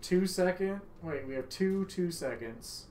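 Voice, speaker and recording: A young man livestreaming a game, chatting casually with viewers, loud and joking with free swearing. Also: sits high, animated, a little slow, a little hiss or hum. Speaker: livestream gamer. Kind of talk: casual stream chat. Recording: echoey room, faint ambience.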